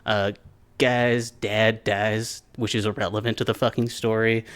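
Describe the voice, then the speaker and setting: A man's voice: fairly low pitch, little pitch movement, a little slow, a bit bright, clear, resonant tone. A young man co-hosting a podcast in casual chat, joking and swearing freely. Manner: profane, joking. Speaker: podcast co-host.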